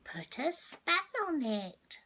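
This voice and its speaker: A woman's voice: very animated, bright, forceful tone, full character voice. A woman doing a sly mewing ginger cat. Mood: scheming. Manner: high mewing meows, slow. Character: male ginger cat, thoughtful and scheming.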